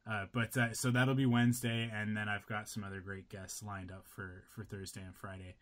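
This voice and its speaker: A man's voice: on the low side, flat delivery, normal speed. A man hosting a podcast, signing off in a loose, rambling way with lots of fillers. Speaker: podcast host. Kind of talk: casual podcast chat.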